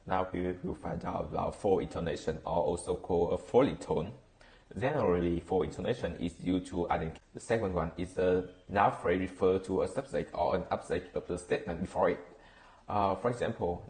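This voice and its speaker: A man with a Vietnamese accent reading a class presentation on intonation, halting with fillers and self-corrections. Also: low-pitched, a little mellow. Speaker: student presenter.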